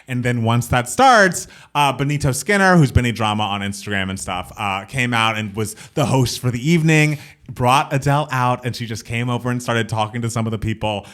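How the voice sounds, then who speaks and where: A man's voice: medium pitch, lively intonation, fairly quick, a bit bright. A young adult man co-hosting a podcast, chatting casually and emphatically about a fan event. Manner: enthusiastic, emphatic fan talk. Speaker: podcast co-host. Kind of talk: casual chat.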